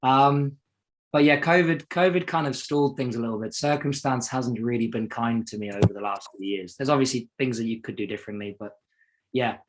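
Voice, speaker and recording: A man's voice: medium pitch, fairly quick. A young adult man from South Africa, a racing driver talking casually as an interview guest, rambling and self-deprecating with many restarts.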